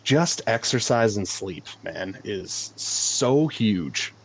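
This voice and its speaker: A male personal trainer on a podcast, speaking very slowly in a fairly low voice. He stays laid-back and fills his speech with "like" and "man". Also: expressive, vocal fry, husky. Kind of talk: casual chat.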